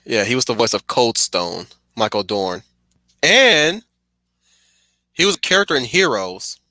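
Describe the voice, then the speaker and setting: A man streaming casual, digressive commentary; he gets excited, laughs often and apologizes for getting sidetracked. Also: medium pitch, measured pace, no room sound.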